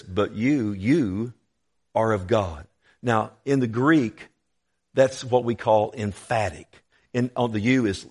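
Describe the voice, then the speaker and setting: Emphatic male preacher. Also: medium pitch. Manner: emphatic, rising to loud exhortation; addresses listeners directly. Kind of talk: expository sermon.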